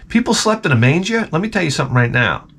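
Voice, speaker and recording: Man, vlogger, has the flu, comedic rant, exasperated, profane, rambling, lively pitch. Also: brisk, gravelly, slightly rough. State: sick with the flu.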